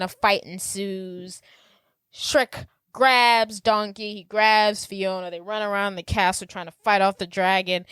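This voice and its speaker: A woman's voice: medium pitch, fairly bright tone, smooth, no room sound. A woman co-hosting a podcast, casually retelling a movie plot and quoting lines in character. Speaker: podcast co-host. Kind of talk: casual movie recap chat.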